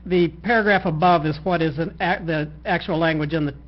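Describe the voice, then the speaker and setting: A man presenting to county commissioners as a planner, speaking in a measured way with hesitant fillers. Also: fairly high pitch, fairly even intonation. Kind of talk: staff presentation. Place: county commission meeting room. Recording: muffled recording with faint noise.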